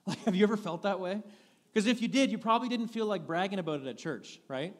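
A man's voice: high voice, animated, a little fast, big-room sound. A man preaching a sermon as pastor, in a candid, conversational manner with frequent restarts. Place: church sanctuary.

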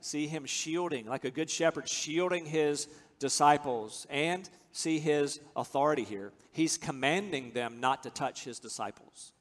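A man from the United States preaching a sermon, earnest and emphatic, slowing down to stress key phrases. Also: a little high. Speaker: pastor. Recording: long hall reverb.

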